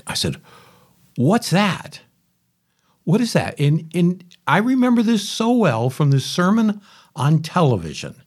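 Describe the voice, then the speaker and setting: A middle-aged man with a slightly husky voice, telling a personal story as a podcast host and repeating key phrases. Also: on the high side, wildly swooping pitch, moderate pace, a little mellow.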